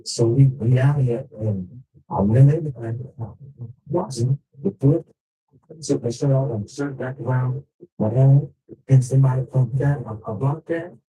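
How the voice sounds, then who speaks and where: Very dark-voiced man telling a rambling story. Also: medium pitch, a little slow, low-quality recording. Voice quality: loose, slangy street talk with frequent swearing.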